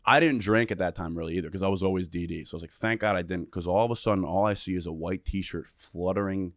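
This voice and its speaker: A man with a lowish voice tells a rowdy story on a podcast mic, swearing freely and jumping into the voices of the people in it. The sound is dry and close, with no room around it. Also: quick pace, no room sound. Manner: animated, profane, acts out quotes. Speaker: podcast guest. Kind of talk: casual storytelling.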